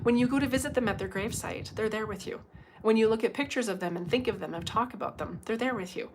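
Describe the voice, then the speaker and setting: A woman talking casually on a livestream as a psychic medium, telling stories in a chatty, animated way and chatting with her viewers. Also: a little high, fast, slight background noise. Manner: chatty, animated storytelling with frequent asides to viewers. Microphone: livestream microphone.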